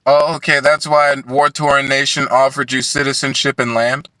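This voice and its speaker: A man's voice: medium pitch, flat delivery, moderate pace, bright, forceful tone, no echo. A man co-hosting a livestream, trading crude, profane banter and mocking his friend. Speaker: livestream co-host.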